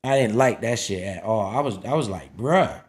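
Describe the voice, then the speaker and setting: A middle-aged man hosting a casual livestream, talking in loose slang and often dropping low and quiet. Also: brisk. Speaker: livestream host talking investing.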